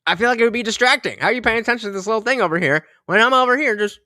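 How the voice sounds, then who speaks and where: A man's voice: sits high, rapid-fire, bright, forceful tone, no echo, clean studio sound. A man casually commenting on clips during a live stream, rambling with lots of fillers and restarts.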